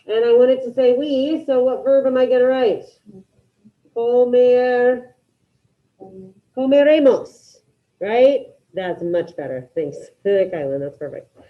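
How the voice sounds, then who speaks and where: A woman with a fairly high voice runs an online class over a video call, brisk and encouraging. The sound comes through a dull, lo-fi computer mic. She keeps calling out students by name as she checks their work. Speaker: Spanish teacher.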